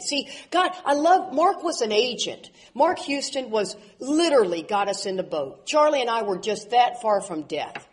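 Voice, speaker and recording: A woman in her forties speaking at a recovery convention, telling animated stories with laughs and loud outbursts. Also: fairly high pitch, normal speed. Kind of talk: speaker talk to an audience.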